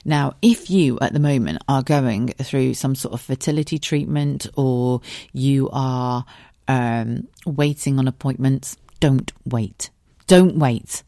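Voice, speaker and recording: A woman's voice: a bass voice, slow pace, dark tone, dry recording, clean studio sound. A woman hosting a podcast, telling her own story in a frank, sweary, conversational way. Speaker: podcast host. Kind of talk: candid personal monologue.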